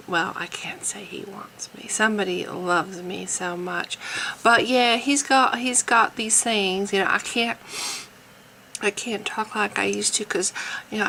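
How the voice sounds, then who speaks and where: A woman voicing a naive, devoted woman eager to please her man, in a strained put-on Southern accent, halting and hesitant with breathy sighs. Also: pushed and bright, slight background noise, exaggerated voice, low-quality recording. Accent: put-on, strained Southern American. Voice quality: gravelly, lowish voice. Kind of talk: satirical character monologue.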